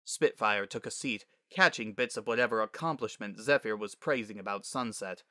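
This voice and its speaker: Brief: man, dramatic audiobook narration, bright tone, dry close mic. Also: fairly low pitch, moderate pace, no room sound.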